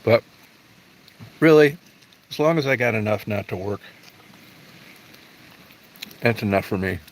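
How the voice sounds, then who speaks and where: A middle-aged man hosts a casual livestream, talking straight to his viewers in a rather low voice. He is blunt and profane and wanders from one thought to the next. A faint hum of noise sits behind him. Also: animated, unhurried, low-quality recording. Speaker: livestream host.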